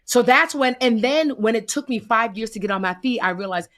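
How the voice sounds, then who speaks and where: A woman from the United States, a guest telling stories in casual conversation, animated and acting out the voices she quotes, with folksy asides. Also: a little high, brisk.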